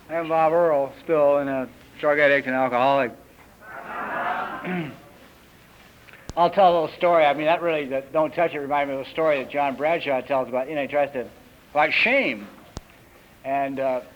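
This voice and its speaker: High-voiced man telling a recovery story. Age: 50s. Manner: lively storyteller who acts out characters in raised voices. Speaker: recovery meeting speaker. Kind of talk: personal recovery talk with storytelling. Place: retreat meeting hall. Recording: dull lo-fi 1980s tape recording with faint hiss.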